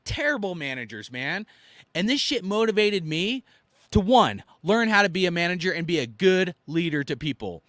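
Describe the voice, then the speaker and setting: A man in his thirties tells army stories in a blunt, profane rant. His voice is bright and tense and jumps up and down in pitch. The sound is close and dry. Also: very animated, moderate pace, no room sound. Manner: blunt and profane, swinging from loud outbursts to low asides. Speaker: army veteran commentator.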